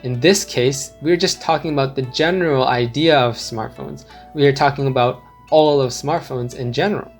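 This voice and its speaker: A man teaching a language lesson, explaining slowly and deliberately and repeating his example phrases. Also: mid-range voice, faint music behind.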